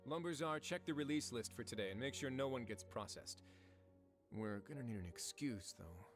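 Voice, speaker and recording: Brief: composed male warden, mid-pitched and level, dry delivery, voiced by a man, faint game music under it. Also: natural voice. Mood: calm. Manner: calm, measured, dry. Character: calm, authoritative adult male warden. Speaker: prison warden.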